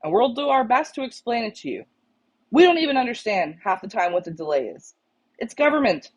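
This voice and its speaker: A woman's voice: fairly high pitch, very animated, brisk, slightly rough. A woman co-hosting a pigeon club show, talking bluntly and with exasperation to members and repeating her points for emphasis. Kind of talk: casual live-stream chat to club members. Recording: dull, lo-fi stream audio.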